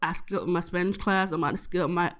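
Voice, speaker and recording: A young woman, a college student, tells a profane story about her day in a casual audio diary, animated and laughing as she goes. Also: fairly low pitch, fairly quick. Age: young adult.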